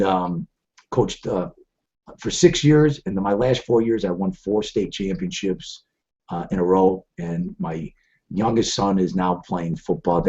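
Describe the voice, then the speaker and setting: A man's voice: deep voice, mellow. A middle-aged man hosting a live trading webcast, telling rambling stories with many restarts. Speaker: trading show host. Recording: dull lo-fi stream audio.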